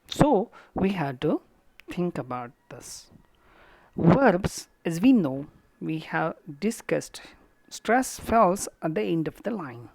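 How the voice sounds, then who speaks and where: A woman with an Indian English accent delivers a college lecture in a low, unhurried voice. She speaks deliberately, pausing often and restarting her phrases. The sound is close and dry. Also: darkish tone, no echo. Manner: halting, deliberate, with fillers and restarts.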